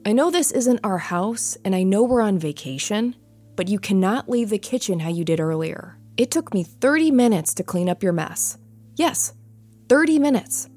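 Woman putting on a middle-aged father who has lost his temper, scolding his family in a raised, sarcastic storybook voice set a little high in pitch. His words come out loud and accusing over faint music behind him.

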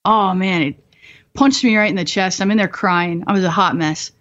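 A young woman guest in her twenties, telling dark stories bluntly and profanely, often laughing, in a slightly muffled recording. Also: mid-range voice, moderate pace. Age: 20s. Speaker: guest, former bomb disposal technician. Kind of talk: candid storytelling interview.

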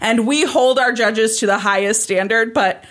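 A woman's voice: on the high side, normal speed, a bit bright. A woman co-hosting a podcast, telling a story in casual chat, laughing often and acting out quotes.

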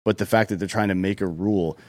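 Low-voiced guy on a podcast, blunt and heated, swears a lot. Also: steady tone, fast, darkish tone. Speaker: podcast co-host. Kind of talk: casual profane opinion talk.

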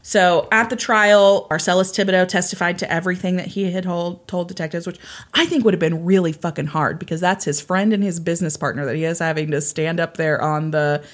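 A woman telling a true crime case in casual chat, acting out quotes and swearing casually. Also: a little fast. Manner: animated, acts out quotes with raised pitch, swears casually.

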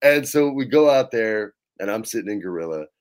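A middle-aged man, a guest in an interview, telling casual anecdotes in an animated way, swearing freely and acting out what others said. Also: lowish voice, a little fast. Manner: animated, swears freely, acts out quoted lines.

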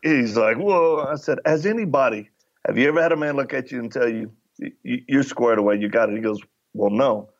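A man's voice: medium pitch, quick pace, dull audio. A middle-aged man, a podcast guest, telling anecdotes in casual conversation and acting out the dialogue as he goes. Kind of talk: conversational storytelling.

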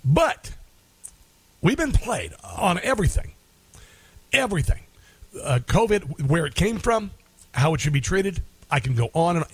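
A man's voice: sits high, dry recording. A middle-aged man hosting a talk radio show, delivering an opinionated monologue in a combative, indignant tone and repeating phrases for emphasis.

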